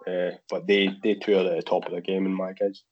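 A man's voice: sits low, level tone, quick pace, darkish tone, lo-fi sound. A Scottish man, a guest on a podcast, chatting casually in a rambling way with frequent restarts. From Scotland. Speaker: guest, figure customizer.

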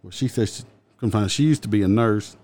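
Southern cop guy, lowish warm voice, dry jokey storytelling. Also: a little fast. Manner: wry, joking, laughs at his own punchlines. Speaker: police officer. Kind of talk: casual storytelling chat.

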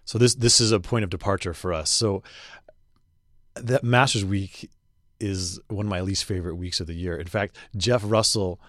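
A middle-aged man with a fairly low voice tells stories in a relaxed podcast chat. He is a golf reporter who jumps into anecdotes and tosses in quick asides. The sound is close and dry. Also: no room sound.

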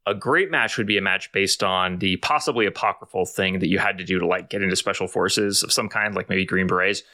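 A man co-hosting a podcast, explaining things in long, dry, deadpan rambles. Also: deep voice, a little fast, dry recording. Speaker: podcast co-host. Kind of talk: casual comedic chat.

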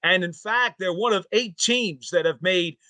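A male co-host with a high, bright, forward voice, talking in a relaxed, conversational way. He is recorded dry, with no room sound. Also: measured pace, no echo. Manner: relaxed and conversational, with easy laughs. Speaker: podcast co-host. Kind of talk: casual sports podcast chat.

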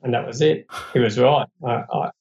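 A man's voice: medium pitch, moderate pace, darkish tone, highs cut off, slight background noise. An Australian man, a podcast guest, telling a personal story in an earnest, reflective, plain-spoken way.

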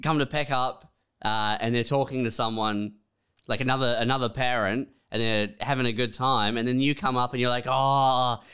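A man with a clear, smooth voice at an ordinary pitch. He co-hosts a podcast in a relaxed, reflective way, often tagging his lines with "man". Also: a little fast. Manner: laid-back, reflective, says dude and man. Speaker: podcast co-host. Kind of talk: casual comedic chat.

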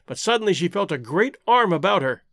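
A male audiobook narrator with a high, animated voice that rises and falls dramatically through the story. The read is close and dry, with no room sound. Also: brisk, no echo.

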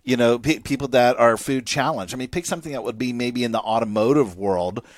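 A man co-hosting a podcast, talking in an animated, persuasive way and often repeating words. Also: mid-range voice, brisk, dry recording, clean studio sound. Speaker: podcast co-host and speaker. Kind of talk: conversational podcast chat.

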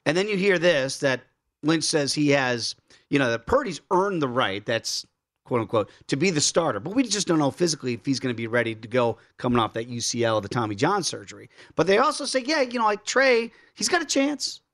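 A man hosting a sports betting show, chatting casually and acting out quotes in mock voices. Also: a little fast. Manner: animated, acts out quotes in high mock voices. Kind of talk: casual sports radio banter.

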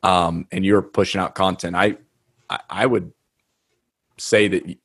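A man with a somewhat low voice hosts a podcast in casual conversation. He tells stories at his own expense and rushes ahead in quick bursts when he gets excited. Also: gravelly, slightly rough. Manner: self-deprecating storyteller, fast bursts when excited. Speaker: podcast host.

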